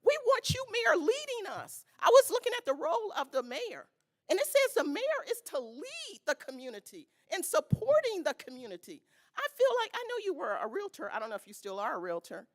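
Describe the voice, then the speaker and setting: A woman's voice: extremely high pitch, wildly swooping pitch, a little fast. A woman making an emotional, pleading public comment at a city council meeting, speaking at a podium microphone. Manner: pleading, earnest, tearful at times. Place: council chamber.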